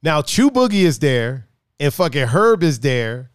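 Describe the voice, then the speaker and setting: A man's voice: fairly high pitch, big pitch swings, a little slow, no room sound, clean studio sound. A young man casually telling a story about a friend, laughing often, swearing and acting out the others' lines.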